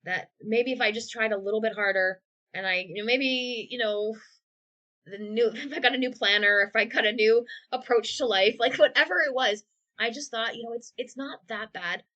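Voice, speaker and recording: A woman co-hosts a podcast from home over a video call, talking candidly and reflectively with touches of wry sarcasm. Her voice is on the high side, bright and forceful, at a moderate pace, and the recording's highs are cut off.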